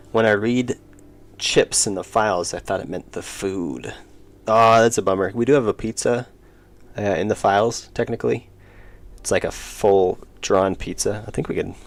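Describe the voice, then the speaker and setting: A young man streaming his indie game work, rambling casually and reading chat aloud with self-deprecating jokes. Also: lowish voice. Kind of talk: casual live-stream chat while working.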